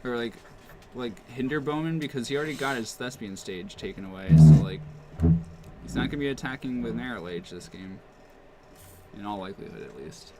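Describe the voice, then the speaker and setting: A man's voice: mid-range voice, expressive, a little fast, very noisy. A man giving casual live commentary on a card game match, thinking aloud with plenty of fillers. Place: game store.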